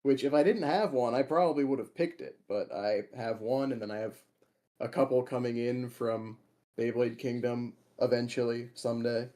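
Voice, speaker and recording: A man's voice: mid-range voice, steady tone, moderate pace, warm tone. A young man from Minnesota, co-hosting a podcast, telling stories in a rambling casual way and laughing often. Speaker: podcast co-host and tournament player. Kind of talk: casual chat.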